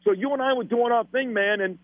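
Brooklyn guy, high-ish voice, swears a lot, sounds like he's on a phone line, dry. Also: fairly quick, no echo. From Brooklyn, New York. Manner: blunt, profane, emphatic storytelling. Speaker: radio host, podcast guest. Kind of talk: candid casual conversation.

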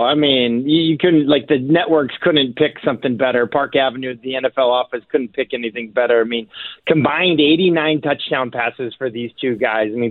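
A man calls in to a radio show over a thin, phone-like line, the sound close and dry. He walks through plays step by step with real energy, chuckling between points. His voice sits at an ordinary middle pitch. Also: no echo. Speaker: former player turned football analyst, radio guest. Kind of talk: casual radio interview analysis. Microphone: phone call.

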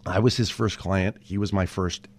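A man in his forties from Southern California, a TV writer telling stories as a podcast guest in an animated way, often restarting his sentences. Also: low voice, normal speed. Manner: animated, with frequent restarts and repeated words. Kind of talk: casual storytelling in an interview.

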